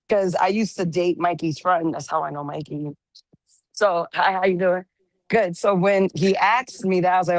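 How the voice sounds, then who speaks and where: A slightly hoarse woman chatting casually as a call-in panelist, teasing playfully as she tells stories. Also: medium pitch, moderate pace, dry recording. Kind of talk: casual chat.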